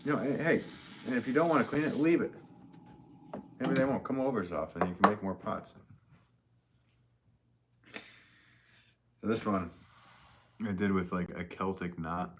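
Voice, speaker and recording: A man's voice: fairly low pitch, measured pace, pauses often, background noise. A middle-aged man hosting a live pottery stream, rambling in a friendly way and reading viewers' comments aloud as he shows his pots. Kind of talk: casual live-stream chat and demonstration.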